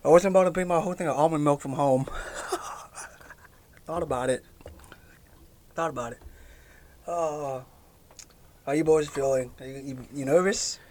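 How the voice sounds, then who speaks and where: A man co-hosting a casual podcast, laughing a lot and sounding excitable. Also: on the high side, moderate pace, long pauses. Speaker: podcast co-host. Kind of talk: casual chat.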